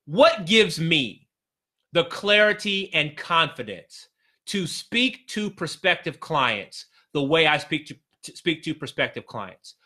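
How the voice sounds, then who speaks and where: A man's voice: a little high, sing-song, slow pace, sharp tone. A man coaching business owners on a live stream, talking emphatically and repeating his key phrases with many restarts. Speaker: business consultant.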